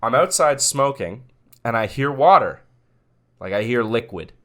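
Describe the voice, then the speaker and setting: A man's voice: mid-range voice, lively intonation, unhurried. A man co-hosting a podcast, telling stories in casual chat, cursing often and laughing. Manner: profane, laughing storyteller. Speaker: podcast co-host.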